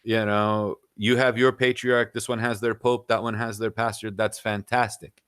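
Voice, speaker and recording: A man's voice: on the low side, level tone, moderate pace, a bit bright, clear, resonant tone, no echo, clean studio sound. A man in his forties, a guest on a podcast, giving opinionated views in casual talk and leaning on "you know" as he lists examples.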